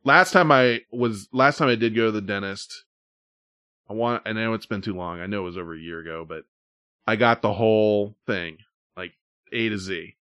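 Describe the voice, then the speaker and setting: A man with a lowish voice grumbles through his pet peeves in casual chat. He swears freely. The recording is dry, with little room sound. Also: normal speed, sharp tone, smooth, no room sound.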